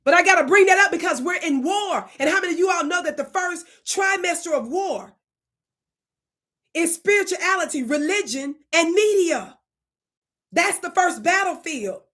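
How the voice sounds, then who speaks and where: Woman, high voice, fiery preachy commentary, scolding, drawn-out emphasis, channel host. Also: animated, sharp tone. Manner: scolding, preachy, emphatic, stretches words for stress; keeps asking the audience if they are listening.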